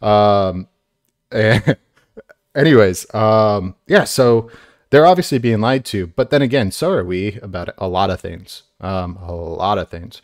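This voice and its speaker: A man's voice: fairly low pitch, a little slow, no echo, clean studio sound. A slightly tipsy man co-hosting a casual drinking podcast, rambling through stories full of fillers. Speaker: podcast co-host.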